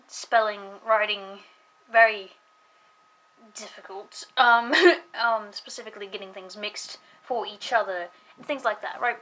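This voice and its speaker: A woman's voice: mid-range voice, bright, forceful tone, a little hiss or hum, rough recording. A young woman from the American South, talking casually to camera in a rambling way, swearing often, with many fillers and laughs. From Southern United States. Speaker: vlogger.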